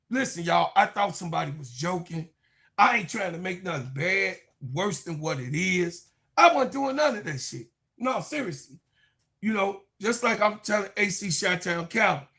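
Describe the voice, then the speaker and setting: A man in his fifties ranting casually to viewers as a sports commentator, animated and profane, often repeating his phrases. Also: sits high. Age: 50s. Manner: animated, profane, keeps repeating "you know what I'm saying".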